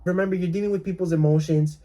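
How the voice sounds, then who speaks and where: A man's voice: fairly even intonation, fast, mellow, lo-fi sound. A man coaching real estate wholesalers in a casual talk, acting out calls with sellers and often repeating himself. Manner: role-plays calls with sellers, laughing at his own lowball offers; repetitive, restarts often.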